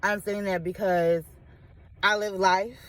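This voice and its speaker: This is a woman, talking casually to camera. She is frank and lively and leans on slangy asides. She keeps her voice at a middle pitch, neither high nor low. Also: slow pace. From Chicago. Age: 30s. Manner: candid, animated storytelling with slangy asides and laughs. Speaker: vlogger.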